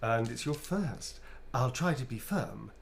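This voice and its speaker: A man's voice: medium pitch, expressive, measured pace, creaky. Man, actor, casual chat, joking, reading fan messages aloud, faint background hum. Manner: playful, joking, reads out fan messages as he writes. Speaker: actor signing autographs. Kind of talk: casual chat during a live signing.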